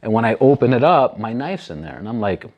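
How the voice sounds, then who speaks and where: Brief: man, 30s, talk-show host, animated storyteller, swears freely, mid-pitched voice. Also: a little fast, lo-fi sound. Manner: animated, profane, acts out quoted people. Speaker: podcast host. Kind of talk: casual storytelling.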